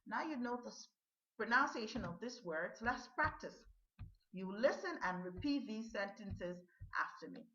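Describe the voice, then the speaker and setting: A woman teacher running a pronunciation lesson, drawing words out slowly and checking in with "okay?" often. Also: medium pitch, animated, fairly bright tone. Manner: slow, drawn-out modeling of words, frequent "okay?" checks. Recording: dull lo-fi sound in an echoey room.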